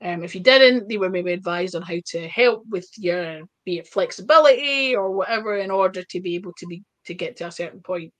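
A woman with a Scottish accent, a wrestler telling stories in a casual interview, chatty and full of quick asides. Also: on the low side, fairly bright tone. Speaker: wrestler guest.

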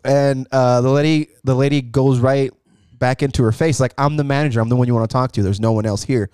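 Animated young man telling a story. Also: medium pitch, a little fast, clear, resonant tone, dry recording, studio quality. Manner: animated, acts out quotes with swearing. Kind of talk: casual storytelling chat.

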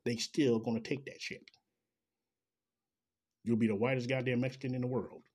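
A man in full rant, swearing through nearly every sentence and dripping with sarcasm. His voice is husky and breathy, sitting at an ordinary middle pitch for a man. He talks straight at his audience, heated and scornful. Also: flat delivery, moderate pace, darkish tone. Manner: angry, profane, sarcastic. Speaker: commentator. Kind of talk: ranting commentary.

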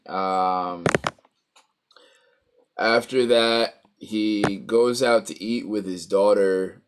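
A man's voice: deep voice, background noise. A man casually recapping a story, rambling with many fillers and acting out quoted lines. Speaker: co-host recapping a show. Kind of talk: casual chat.

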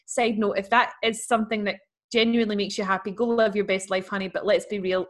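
A woman's voice: mid-range voice, fairly bright tone. A woman who co-hosts a podcast, reading a listener's letter aloud in a chatty, wry way and laughing easily. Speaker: podcast co-host.

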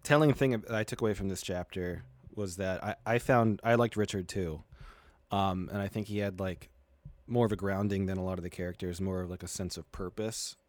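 A man's voice: sits low, steady tone, a little fast, no echo. A man discussing a novel with friends over a video call, reading passages aloud with feeling and laughing easily. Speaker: book club member.

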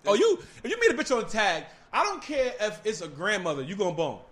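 A man telling a rowdy story in casual chat, animated and slangy, breaking into loud laughter at times. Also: high-pitched, a little fast, a little hiss or hum.

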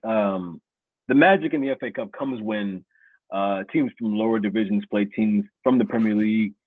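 A man with a lowish, husky voice hosts a loose football podcast. He talks in a playful, hype-man way, and the sound comes through thin and phone-like with no room echo. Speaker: podcast host. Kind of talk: casual sports podcast chat.

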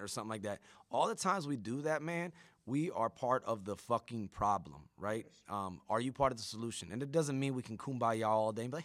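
A man's voice: medium pitch, brisk, no room sound. A man hosting a podcast, talking bluntly and profanely in a preachy pep-talk manner. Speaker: podcast host. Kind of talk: casual podcast chat.

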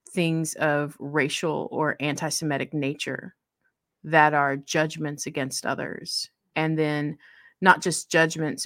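Bright, earnest woman in casual chat. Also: low voice, no echo, clean studio sound. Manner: earnest, breaks into laughter. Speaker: co-host. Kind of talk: casual faith podcast chat.

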